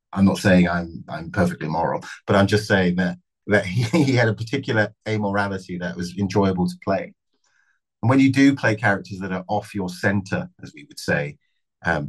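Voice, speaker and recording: Middle-aged male actor, deep husky voice, thoughtful interview delivery with restarts. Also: poor audio. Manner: thoughtful, measured, with frequent restarts and fillers. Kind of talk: reflective interview answers.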